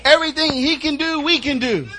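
A man's voice: very high voice, brisk, pushed and bright, a faint crowd, low-quality recording. A male preacher delivering an emphatic sermon, repeating phrases as he urges the congregation on. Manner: emphatic, repetitive, urging the congregation.

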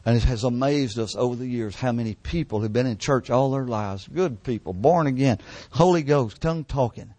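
Older guy preaching in church, fervent and repetitive, goes quiet and hushed at the big moments, dry close sound. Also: medium pitch, normal speed, hardly any pauses, no room sound. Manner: fervent, repetitive, drops to hushed whispers at emotional peaks. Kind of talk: sermon testimony. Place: church service.

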